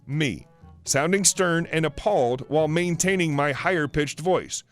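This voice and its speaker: Man, fairly high voice, story narrator, steady read, soft music underneath. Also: a little slow, no room sound. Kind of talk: reading online stories aloud.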